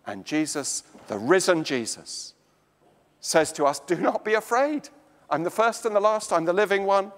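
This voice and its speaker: An English man preaching a slow, emphatic sermon in a church. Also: expressive, big-room sound. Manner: slow, emphatic preaching with dramatic swings of pitch and volume.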